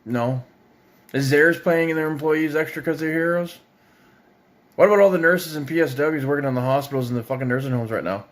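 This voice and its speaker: A man's voice: on the high side, fairly quick. A young man from Ontario delivering an angry, sarcastic, swear-filled rant as a parent. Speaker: parent ranting on video. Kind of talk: profane political rant.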